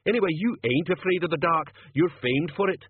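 A man's voice: fairly high pitch, fairly quick, a little hiss or hum, pitched above the performer's own voice, close to an everyday voice. A man reading aloud, voicing a tough, bossy gang leader who talks bluntly and sarcastically. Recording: phone-like lo-fi recording.

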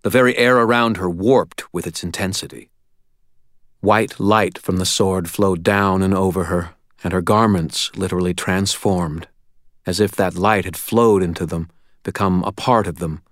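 Low-voiced male audiobook narrator. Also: steady tone, normal speed, fairly bright tone, no room sound, studio quality. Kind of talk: first-person audiobook narration.

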